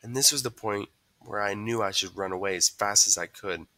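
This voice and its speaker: A man's voice: fairly low pitch, fairly quick, bright, forceful tone, dry recording. A man reading a novel aloud, telling the story expressively and voicing each character. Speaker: reader.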